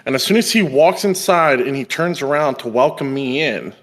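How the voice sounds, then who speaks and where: In a relaxed podcast conversation, this young male host spins a story with energy, performing the voices of those he quotes. He has a mid-range voice and a moderate pace.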